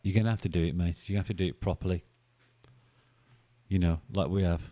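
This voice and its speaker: A man with a low, warm, steady voice hosts a trading live stream at a quick pace, chatting casually, thinking out loud, and bantering with viewers as he goes.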